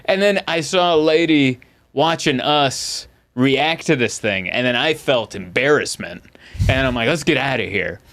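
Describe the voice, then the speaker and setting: A man chatting on a comedy podcast with a lively, swooping voice. He tells stories in a loose, animated way, often leaping up high to act out his own lines. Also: a little slow. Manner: animated storyteller, jumps high into acted quotes. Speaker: podcast host. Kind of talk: casual comedic chat.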